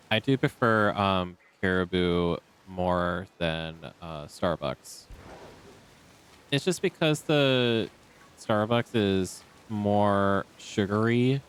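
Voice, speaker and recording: A man's voice: lowish voice, a little hiss or hum. A man streaming a video game, chatting casually and rambling with many ums into a desk microphone. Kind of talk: casual live-stream chat. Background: faint game music.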